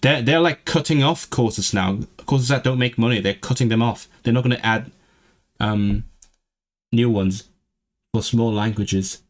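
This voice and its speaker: Chatty rambling man streaming. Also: mid-range voice. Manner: rambling, repeats words and restarts, sounds out phrases slowly. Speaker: language channel host. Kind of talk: casual livestream chat. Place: lives in England, streaming from home.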